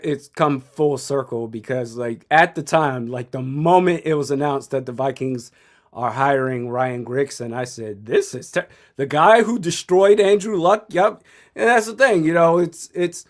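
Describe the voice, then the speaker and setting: A young man in his twenties commenting live on a football game, blunt and opinionated, chuckling often. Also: a little high. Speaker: sports streamer.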